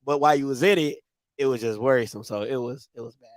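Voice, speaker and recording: A man co-hosting a podcast, telling rambling, animated comic stories. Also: mid-range voice, fast. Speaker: podcast co-host. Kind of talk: comedic storytelling.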